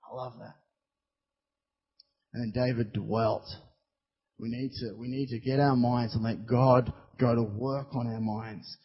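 A man preaching a sermon in a church hall, impassioned, swinging between loud declarations and hushed asides. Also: mid-range voice, fairly even intonation, measured pace, pauses often, husky. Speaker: pastor. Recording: dull recording in a long-reverb hall.

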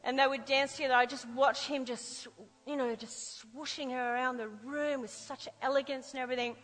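A woman preacher telling personal stories in a lively sermon, acting out the voices she quotes. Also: high voice, brisk, big-room sound, low-quality recording.

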